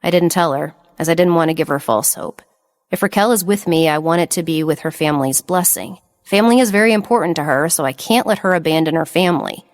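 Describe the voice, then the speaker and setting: A woman reading the part of a calm, devoted young man who speaks in a subdued way. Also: low voice, fast talker, dry recording. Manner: quiet, subdued.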